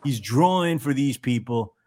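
A man hosting a podcast in casual chat, animated and jokey, laughing often as he riffs. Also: medium pitch, normal speed. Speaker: podcast host.

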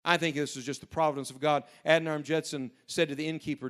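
Higher-voiced male preacher telling stories. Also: steady tone, fast talker. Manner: storytelling, swings between hushed and loud urgent emphasis. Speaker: pastor. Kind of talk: sermon to young people.

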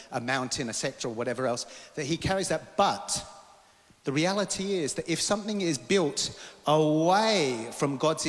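Man preaching in a reverberant hall. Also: medium pitch. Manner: animated, interacts with congregation. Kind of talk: sermon. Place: church hall.

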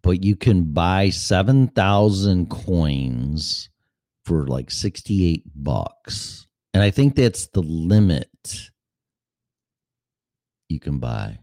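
A man's voice: low voice, expressive, very slow, warm tone, no echo, studio quality. A man in his fifties hosting a show, talking in a rambling, profane, blunt way. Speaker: podcast host. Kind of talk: casual monologue.

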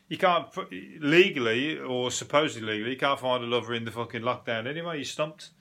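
A man hosting a podcast, rambling bluntly with plenty of swearing and quick laughs. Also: mid-range voice, sharp tone. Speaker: podcast host. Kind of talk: casual comedic monologue.

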